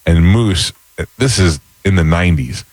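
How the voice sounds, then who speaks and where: A man's voice: low-pitched, expressive, measured pace, dry recording. A middle-aged man hosting a morning radio show, telling stories in casual banter.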